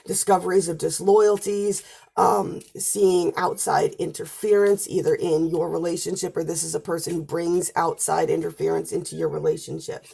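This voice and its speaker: Low gravelly woman losing her voice. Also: darkish tone. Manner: chatty, talks straight to viewers. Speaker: astrology and tarot reader. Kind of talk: casual spoken forecast.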